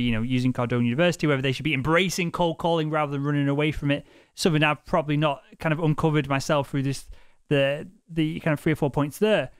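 A man's voice: a little high, smooth, no echo, studio quality. A man hosting a podcast interview, asking eager, probing questions. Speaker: podcast host.

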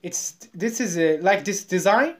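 A Moroccan woman with a Moroccan accent, chatting over a video call in halting English that she repeats as she goes. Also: medium pitch, animated. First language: Moroccan Arabic. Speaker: vlogger. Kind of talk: casual video call chat.

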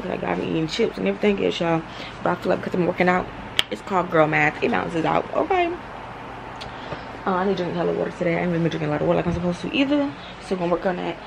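A woman's voice: fairly low pitch, vocal fry, background noise. A young woman, rambling casually about her day at home as she talks straight to her viewers. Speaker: vlogger. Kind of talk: casual day-in-my-life vlog.

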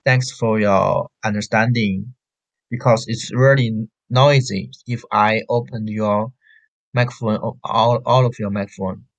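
A man with a Chinese accent teaching an online beginner Chinese class, repeating syllables slowly for drills over a video call. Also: fairly low pitch, steady tone, muffled recording. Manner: slow, repetitive drilling of syllables.

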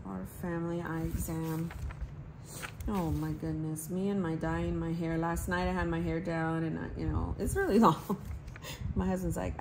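Woman, 30s, laid-back planner vlogger, lowish creaky voice, noisy home recording. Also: animated, measured pace. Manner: chatty, talks to herself while writing. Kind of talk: casual chatty planning vlog.

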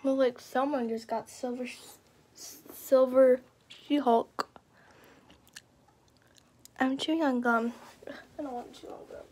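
Young female gamer, high voice, unhurried chatter over light background noise. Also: steady tone. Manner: chatty, reacting out loud to the game. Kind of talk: casual gameplay commentary.

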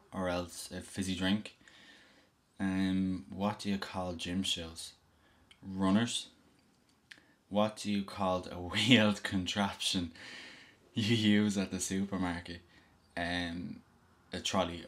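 A young man from Dublin with a Dublin accent talks in a low, level voice. He speaks slowly and hesitantly, with plenty of ums, in a casual home video. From Ireland. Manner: slow, relaxed, hesitant with frequent ums. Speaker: vlogger.

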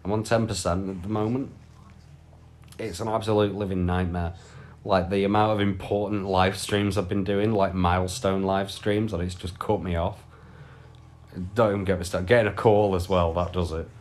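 A man's voice: deep voice, fairly even intonation, moderate pace, darkish tone. A British man on a casual live stream from home, rambling and chatting with viewers over a phone mic. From United Kingdom. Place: at home, lying down.

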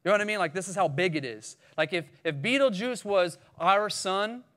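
A man with a Caribbean accent preaching a casual, animated sermon, acting out the scripture scenes with sudden loud cries. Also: high-pitched, fairly quick.

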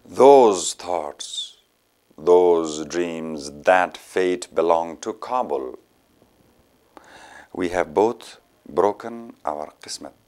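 A man reading a kindly Afghan-accented official, very deep. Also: extremely slow, exaggerated voice. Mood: reassuring. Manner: calm and reassuring. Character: kindly, gently sad male official. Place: studio.

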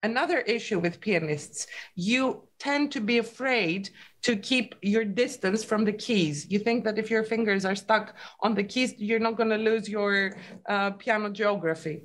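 A woman's voice: mid-range voice, a little slow. A woman teaching a piano masterclass online, patiently coaching with questions and calling out dynamics as the student plays.

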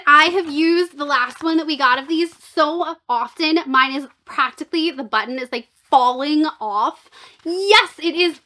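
A young woman vlogging a book box unboxing, reading blurbs aloud and reacting with excitable, gushing asides. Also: high-pitched, normal speed. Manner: excitable and gushing, with squealing outbursts and jokey asides. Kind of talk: casual unboxing chat mixed with read-aloud book blurbs.

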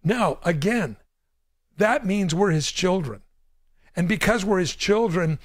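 A man's voice: high voice, animated, a little slow, pauses often, no room sound, clean studio sound. A man hosting a call-in Bible show as a pastor, speaking emphatically and repeating words to drive a point home. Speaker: pastor and radio show host. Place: radio studio.

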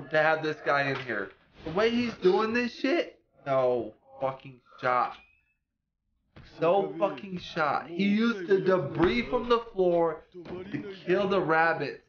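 A man hosting an anime reaction channel, talking casually and excitedly, exclaiming and swearing as he talks to the screen. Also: high-pitched, lo-fi sound, noisy background. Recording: music playing loud behind.

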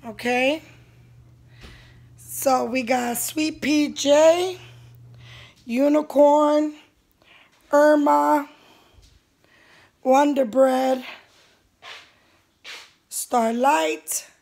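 A woman's voice: high voice, vocal fry, a little mellow. A woman spell caster talking casually to her clients in a vlog, tired and apologetic with a worn-out voice. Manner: weary and apologetic, drawn-out.

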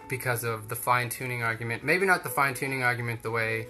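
A man's voice: mid-range voice, fairly even intonation, fast, hardly any pauses, sharp tone, soft background music. A young man giving a casual storytelling talk, rambling and chatty with lots of fillers.

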